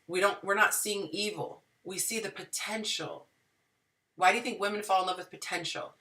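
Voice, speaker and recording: A woman's voice: pushed and bright, distant mic. A young adult woman hosting a dating and relationship advice show, talking to viewers in a dramatic, sassy way and acting out what people say. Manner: dramatic, sassy, acts out quotes with big pitch swings. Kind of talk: animated monologue to viewers.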